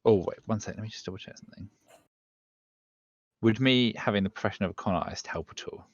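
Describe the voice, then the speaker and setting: Deep-voiced man playing a tabletop game. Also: fast talker, dry recording, highs cut off. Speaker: player. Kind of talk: casual tabletop game chat.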